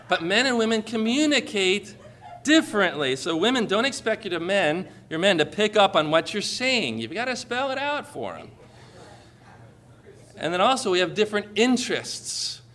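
A man's voice: high-pitched, very animated, moderate pace, bright, forceful tone. A man preaching a sermon to a congregation in a church, joking and calling for amens. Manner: jokey, calls for amens from the congregation. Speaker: pastor.

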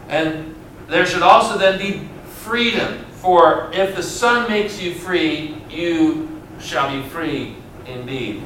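Pastor, male, high voice, emphatic preaching with dramatic pauses, heard at a distance in a church. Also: fairly bright tone. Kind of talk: sermon. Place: church sanctuary. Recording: roomy church sound from afar, faint hiss.

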